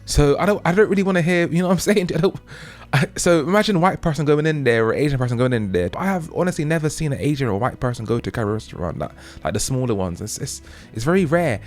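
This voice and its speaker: A man from the UK hosting his own show, delivering an emphatic, preachy monologue that keeps checking in with "okay?" and jumps higher and louder on key points. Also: expressive, rapid-fire, hardly any pauses, soft background music. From United Kingdom. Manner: rising to loud high emphasis on key points. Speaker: host. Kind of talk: opinionated monologue.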